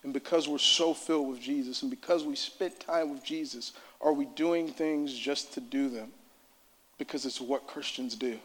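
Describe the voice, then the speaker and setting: A man's voice: mid-range voice, normal speed, a bit bright. A man preaching a sermon in a church service, impassioned and repetitive.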